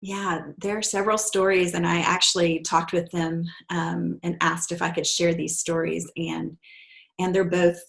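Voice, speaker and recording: A middle-aged woman, a guest and adoptive mother, telling a personal story softly and sometimes dropping to a hushed near-whisper. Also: lowish voice, little pitch movement, normal speed, gravelly, rough recording. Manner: soft-spoken, drops to a hushed near-whisper when quoting.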